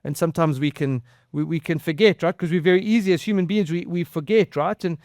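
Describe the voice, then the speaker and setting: A pastor from outside the US preaches a conversational sermon in a voice high for a man and a little mellow. He speaks earnestly but haltingly, stumbling over and repeating words, and the sound is dry with no room echo.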